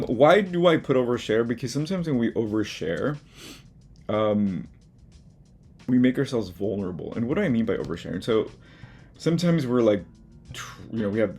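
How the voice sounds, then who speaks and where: He has a fairly low, slightly mellow voice with vocal fry. As host of his own art video, he speaks to camera from the studio in a casual, motivational way about habits to drop, plainly, with swearing and self-mockery.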